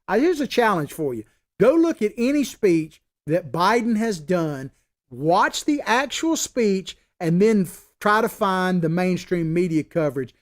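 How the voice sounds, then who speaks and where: A middle-aged man hosting a political talk show, giving opinionated, emphatic commentary in a conversational way. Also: high-pitched.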